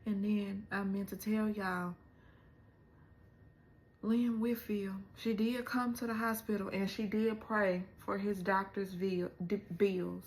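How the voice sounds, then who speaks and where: Slow-talking emotional woman recapping a show. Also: medium pitch, flat delivery, reverberant. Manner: emotional, retelling scenes with rising exclamations. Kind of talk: casual episode recap.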